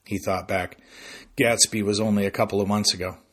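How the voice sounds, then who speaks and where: A man reading a novel aloud as narrator in a dry, unhurried way. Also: on the low side, flat delivery, a bit bright. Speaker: audiobook narrator. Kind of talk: scripted narration.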